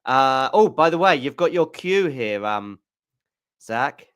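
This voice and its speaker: A man's voice: mid-range voice, animated, slow pace, fairly bright tone, clear, resonant tone, dry recording, clean studio sound. A man co-hosting a live tennis watchalong, chatting casually and rambling with self-mocking asides. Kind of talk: casual live-stream chat.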